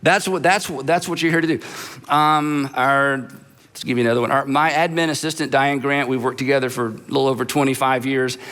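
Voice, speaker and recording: A man's voice: medium pitch, steady tone, fairly bright tone. A middle-aged man, a pastor, giving a conversational leadership talk to a live church audience, acting out short dialogues and often restarting his sentences. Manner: conversational, acts out quick dialogues, frequent restarts. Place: large church auditorium. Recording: long reverb from a large hall.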